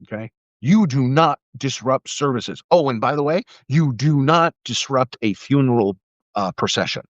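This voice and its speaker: A man's voice: medium pitch, animated, moderate pace, no echo. Middle-aged ex-cop guy rambling on his live stream, cussing casual, dull lo-fi sound, dry room. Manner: rambling, storytelling, swears freely. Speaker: live streamer, former police officer.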